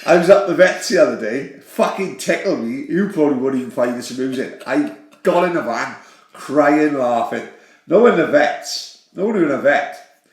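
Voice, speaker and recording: A man's voice: medium pitch, lively intonation, moderate pace. A man co-hosting a podcast, telling a story in casual chat, swearing and laughing through it. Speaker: podcast co-host. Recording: echoey room with background noise.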